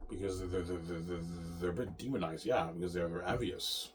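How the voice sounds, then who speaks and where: A man's voice: deep voice, a little fast, slight background noise. A man talking straight to his viewers in a long, rambling monologue, swearing freely and repeating himself, tagging lines with "man" and "yeah". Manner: profane, repetitive, ending lines with "man" and "yeah". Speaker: vlogger.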